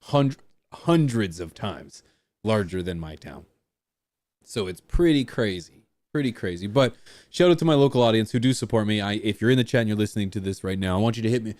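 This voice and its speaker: Guy streamer, lowish voice, dry close sound, rambly and jokey. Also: lively intonation, brisk, a little mellow, dry recording. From small rural town. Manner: rambling, self-deprecating, jokey. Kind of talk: casual livestream chat.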